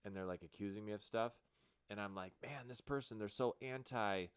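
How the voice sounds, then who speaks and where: A man who is the guest, gently prompting with questions and using filler words in a casual chat. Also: fairly low pitch, fairly quick, smooth, no room sound. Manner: coaxing, prompting questions, uses "like" and "you know". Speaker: podcast guest, teacher.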